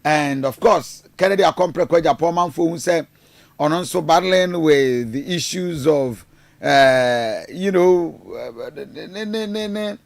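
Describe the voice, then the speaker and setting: Man, radio host, raspy and a bit high, halting with lots of "uh", dry booth. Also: no echo. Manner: mixes Twi into English, many fillers and restarts. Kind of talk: radio news commentary. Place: radio studio.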